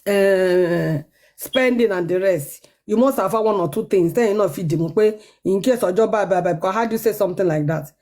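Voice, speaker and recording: A woman's voice: medium pitch, quick pace, dark tone. A woman with a Nigerian accent, an earnest caller pleading and repeating herself in a live chat.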